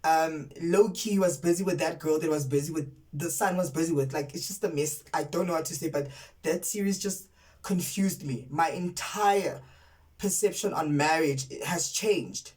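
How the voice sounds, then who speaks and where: A South African woman with a low, darkish voice speaks at a moderate pace, recorded roughly from a distant mic. She is a content creator reviewing a TV series casually and emphatically, often repeating words for effect. She comes across as outraged and candid.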